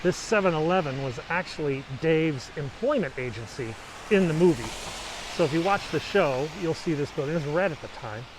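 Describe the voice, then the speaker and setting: Middle-aged guy rambling on a walk with his camera, voice a bit high, snowy street, faint traffic hiss behind. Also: lively intonation, a little fast. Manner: chatty, rambling, anecdotal. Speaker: vlogger. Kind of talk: casual walking tour commentary. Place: snowy city street outdoors.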